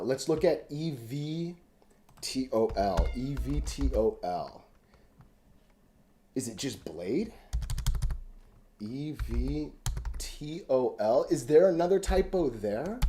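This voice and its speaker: A stock chart analyst hosts a relaxed live stream from his home, musing aloud and rambling as he studies the charts. He speaks in a medium-pitched, dark-toned voice, with a little hiss or hum in the audio.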